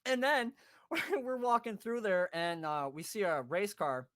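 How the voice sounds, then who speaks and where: A man with a high, slightly bright voice hosts a podcast, speaking slowly with no echo. He casually tells a rowdy story, swearing freely, laughing, and acting out his friends' voices.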